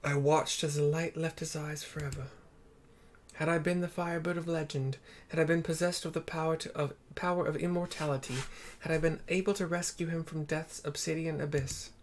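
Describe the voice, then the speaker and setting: A man's voice: fairly high pitch, fairly even intonation, a little hiss or hum, voice pushed up, natural voice. A man voicing an ancient female phoenix spirit, speaking solemnly about a lost love. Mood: grieving. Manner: solemn, measured storytelling.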